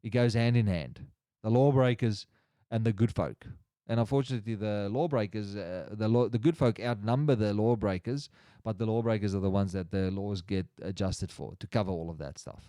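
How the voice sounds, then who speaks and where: A man's voice: on the low side, moderate pace, warm tone, clear, resonant tone, no room sound, clean studio sound. A man hosting a casual livestream chat, rambling and restarting his sentences as he reads the chat aloud. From Australia. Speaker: livestream host.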